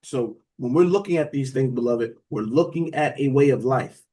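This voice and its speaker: A man's voice: medium pitch, normal speed, dark tone. A man teaching a Bible study in a casual, conversational sermon style, often asking the room questions and calling his listeners "beloved". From United States.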